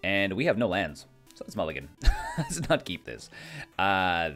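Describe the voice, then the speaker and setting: A man's voice: deep voice, huge pitch swings, normal speed, fairly bright tone, soft background music. A man with a put-on Australian accent, chatting casually and thinking aloud as he comments on his own card game. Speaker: gameplay commentator.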